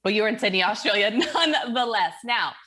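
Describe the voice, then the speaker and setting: A woman's voice: on the high side, expressive, brisk, pushed and bright. A woman hosting a live morning sports talk show, chatty and upbeat as she leads the segment from a studio.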